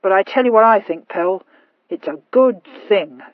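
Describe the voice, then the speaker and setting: A woman voicing a tipsy, stolid young Regency gentleman who speaks in slow, clipped, dogged phrases. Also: mid-range voice, dry recording, phone-quality sound, natural voice.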